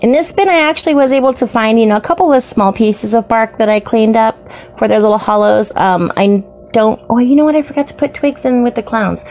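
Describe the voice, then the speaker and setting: A woman's voice: fairly high pitch, brisk, a little mellow. A woman narrating a casual unboxing of her new pets, gushing and slipping into baby talk. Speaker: isopod hobbyist vlogger.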